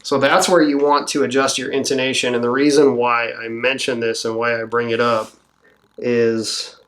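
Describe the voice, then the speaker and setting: A man who builds guitars walks through a setup at his workbench, relaxed and thinking aloud as he works. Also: mid-range voice, moderate pace. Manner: relaxed, thinking aloud while working, with fillers. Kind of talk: hands-on instructional walkthrough.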